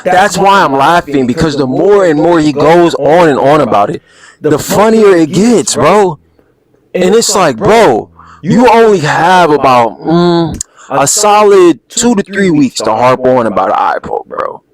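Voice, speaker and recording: A man hosting a reaction video with casual, animated, slang-heavy commentary that keeps breaking into laughter. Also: fairly high pitch, measured pace, crowd noise, poor audio.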